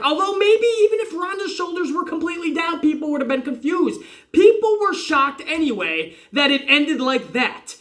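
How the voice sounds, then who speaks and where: A man in his forties or older giving a casual wrestling review, excitable and rambling, swearing freely. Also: very high voice. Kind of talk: casual profane review rant.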